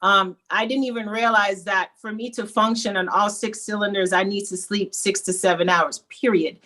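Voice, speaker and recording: A woman guest telling her own story in a candid, animated, conversational way. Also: medium pitch, moderate pace. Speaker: program client and guest.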